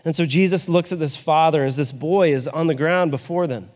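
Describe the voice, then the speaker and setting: A man's voice: fairly high pitch, a little fast, darkish tone, long reverb tail. A male pastor giving a sermon in a conversational way, often asking his listeners rhetorical questions.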